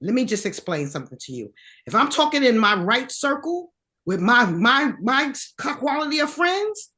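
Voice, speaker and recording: A middle-aged woman co-hosts a casual podcast, telling stories and acting out little quotes along the way. Her voice sits on the higher side and swoops up and down with plenty of animation. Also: normal speed. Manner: lively, animated storytelling with acted quotes. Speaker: podcast co-host. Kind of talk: casual chat.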